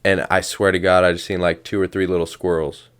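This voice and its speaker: Deep-voiced man telling a wild story. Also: level tone, fairly quick, fairly bright tone, clean tone. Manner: slangy, rambling, swears often. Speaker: podcast host. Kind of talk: casual storytelling.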